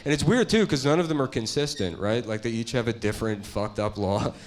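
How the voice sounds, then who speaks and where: A man doing a stand-up comedy set on stage before a live audience, talking in a crude, deadpan way and slipping into mocking voices. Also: mid-range voice, brisk.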